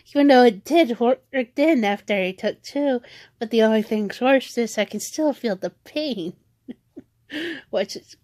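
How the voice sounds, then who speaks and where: A woman's voice: fairly high pitch, a little mellow, dry recording. A woman vlogger ranting at home in a rambling, frustrated way, often restarting her sentences. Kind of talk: venting rant vlog.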